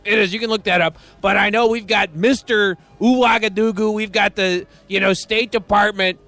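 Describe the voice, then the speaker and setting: A man's voice: high voice, fairly even intonation, normal speed, pushed and bright. A man hosting a radio music show, talking in a playful, rambling, jokey way between songs. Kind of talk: casual radio DJ patter. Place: radio studio.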